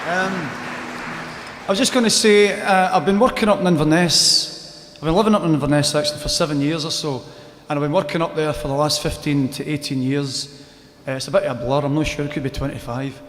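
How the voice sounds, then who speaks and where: A man's voice: a little high, fairly even intonation, a little fast, fairly bright tone, in a large hall, a faint crowd, slight background noise. A Scottish man, a folk singer telling rambling stories between songs at an outdoor gig, breaking into song now and then. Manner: chatty, rambling, bursts into song. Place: outdoor square at a live event.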